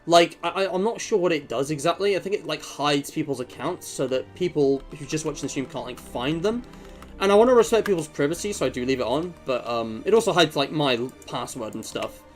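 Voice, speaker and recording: A man's voice: fairly high pitch, lively intonation, fairly quick, soft background music. A young man streaming, chatting casually and rambling with jokes and fillers. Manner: rambling and joking, many fillers. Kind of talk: casual chat.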